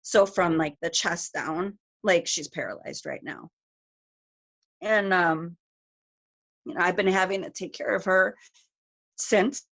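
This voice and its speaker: A middle-aged woman, a guest speaker, telling a personal story on a group call in a rapid, emotional way with lots of fillers. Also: lowish voice, fairly bright tone.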